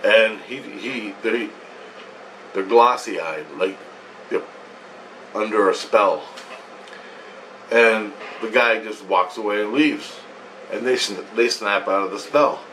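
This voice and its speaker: A man's voice: on the low side, slow pace, long pauses, pushed and bright, distant mic, a little hiss or hum, low-quality recording. A man telling a long dream story in a meandering, profane way, repeating himself as he goes. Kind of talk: rambling first-person dream account.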